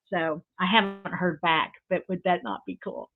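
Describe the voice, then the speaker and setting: A woman's voice: on the low side, steady tone, moderate pace, creaky. An older woman joins a craft livestream as co-host, gushing and rambling with lots of ums. Her voice comes through a thin, tinny remote line that sounds like a phone. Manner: gushing, rambling, many fillers. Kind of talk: casual chat.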